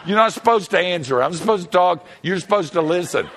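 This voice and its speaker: In a high voice and brisk delivery, an older preacher jokes with his audience and spins lively stories during a humorous sermon. There's slight background noise plus a long hall echo.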